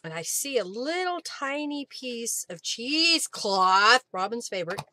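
A woman's voice: a little high, very animated, unhurried, pushed and bright, a little hiss or hum. A woman hosting a live crafting stream, chatting casually as she thinks aloud while she works and thanks her viewers. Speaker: craft journaling host.

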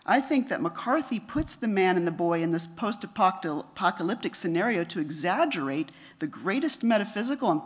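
A middle-aged woman giving a conference lecture, reading her paper in a measured way and dropping softer for quotations. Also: fairly low pitch, breathy edge. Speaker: conference speaker.

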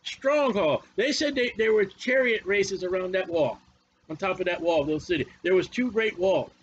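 A man's voice: high voice, moderate pace, dull audio, slight background noise. A male preacher teaching a Bible study sermon in a folksy, emphatic way, often repeating his phrases.

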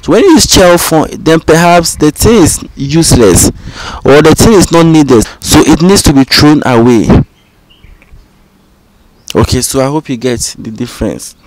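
A man teaching vocabulary, saying each phrase twice in a calm, patient way. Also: a little high, moderate pace, no echo, poor audio. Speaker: language teacher. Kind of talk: slow, repetitive vocabulary drill.

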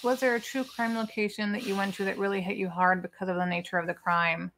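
A woman's voice: medium pitch, level tone, quick pace, fairly bright tone. A woman co-hosting a casual livestream, talking in a chatty, rambling way with many fillers. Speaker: co-host of a livestream watch party.

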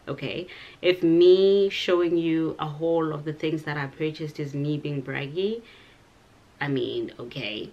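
A young South African woman vlogging in a sassy, dramatic way, tossing in "child" and "honey". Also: low-pitched. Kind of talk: casual vlog chat.

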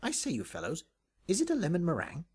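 A man voicing a greedy, plump boarding-school boy with a squeaky, piping voice and an eager, hopeful manner. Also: wildly swooping pitch, fast talker, darkish tone, husky, heavily acted.

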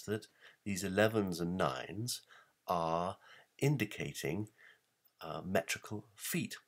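A man's voice: deep voice, gravelly. A man giving an explanatory talk, emphatic, posing rhetorical questions and reading verse aloud. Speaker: presenter.

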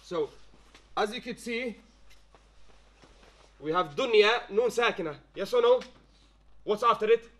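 A man with a high voice teaches a tajweed class in a classroom. He quizzes the room as he goes and keeps checking that the students follow. Arabic phrases run through his English. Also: animated, measured pace, long pauses, a bit bright. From London-based. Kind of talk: classroom lesson.

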